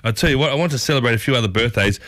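A man hosts a breakfast radio show from the studio. He is chatty and upbeat and talks straight to his listeners. His voice sits in a middle pitch and sounds close and dry. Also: racing, fairly bright tone, no room sound. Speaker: radio host.

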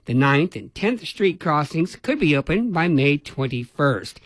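A man's voice: on the high side, no echo. Man reading radio news, dry studio sound. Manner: even, measured newsreader delivery. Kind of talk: read news bulletin.

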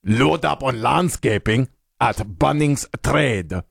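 A man reading a sponsor line slowly in an exaggerated mock Croatian accent. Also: medium pitch, lively intonation, vocal fry, husky, dry recording, clean studio sound, full character voice. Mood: hammy.

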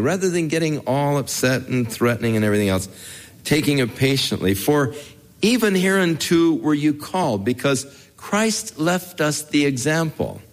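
Older man, pastor; folksy conversational sermon, animated rise and fall, chuckly storyteller. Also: fairly high pitch. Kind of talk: conversational Bible teaching sermon.

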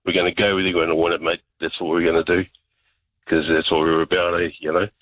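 Brief: New Zealand male caller, mid pitch, dull muffled dry line, emphatic and matey. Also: level tone, fast talker, dry recording. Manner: emphatic, keeps saying mate. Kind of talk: casual phone-in chat.

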